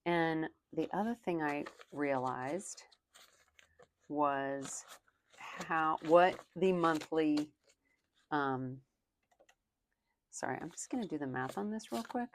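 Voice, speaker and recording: A woman's voice: low voice, takes it slowly, long pauses, noisy background. A young woman and working mom chatting casually while counting cash for her budget, rambling with lots of "like".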